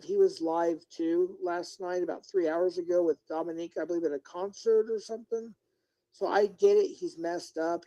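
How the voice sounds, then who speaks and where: A man's voice: sits high, dark tone, low-quality recording. A middle-aged man live-streaming as a YouTuber, ranting indignantly and talking straight to his viewers and chat. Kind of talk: unscripted livestream rant.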